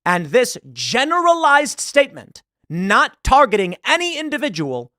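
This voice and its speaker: Guy doing political commentary online, emphatic, keeps repeating himself, lively swings in pitch. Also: measured pace, no room sound, studio quality. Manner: emphatic, repeats words when heated.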